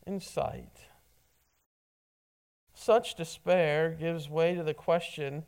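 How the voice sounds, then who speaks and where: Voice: medium pitch, a little slow, darkish tone. A preacher giving a sermon, often stumbling and repeating words as a phrase begins.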